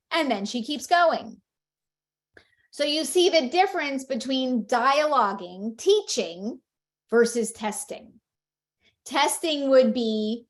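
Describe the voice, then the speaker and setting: A woman's voice: fairly high pitch, lively intonation, slow pace, a bit bright. A woman explaining a book-reading method to parents in a patient, instructional way, acting out short read-aloud examples. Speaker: speech-language educator.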